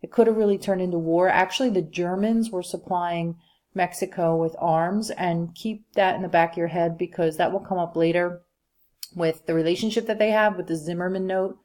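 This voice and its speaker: A woman with a slightly low voice gives a recorded history lecture over slides. She talks in a loose, chatty way, full of "um"s and quick asides to her students. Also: steady tone, darkish tone. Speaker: history teacher.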